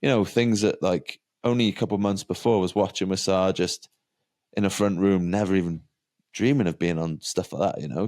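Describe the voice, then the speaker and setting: A Welsh man in his thirties, a professional cyclist, chatting relaxed and matter-of-fact during an interview on a massage table, sprinkling in "like" and "you know". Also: low-pitched. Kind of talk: reflective interview chat.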